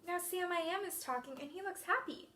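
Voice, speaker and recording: A woman's voice: very high voice, a little fast, bright, forceful tone, echoey room. A woman teacher giving an encouraging, sing-song reading lesson to young children.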